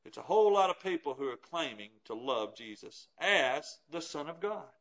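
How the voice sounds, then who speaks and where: A man's voice: fairly high pitch, sing-song, normal speed, a bit bright. A male preacher giving an emphatic sermon, often asking his listeners rhetorical questions.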